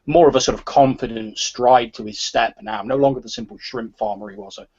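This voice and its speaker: Husky guy running a tabletop game, lots of sort of's, muffled lo-fi audio. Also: medium pitch, steady tone, brisk, a little mellow. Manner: hesitant, with frequent "sort of" fillers. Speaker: game master.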